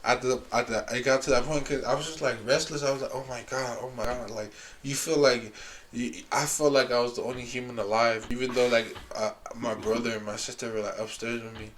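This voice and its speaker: A man's voice: mid-range voice, steady tone, fairly quick, a bit bright. A young man telling a long story in casual chat, rambling with lots of fillers and restarts.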